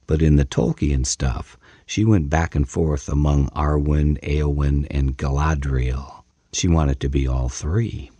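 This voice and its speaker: A man narrating a first-person story as an audiobook, measured and dramatic. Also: rumbling low, dark tone, breathy edge, no echo.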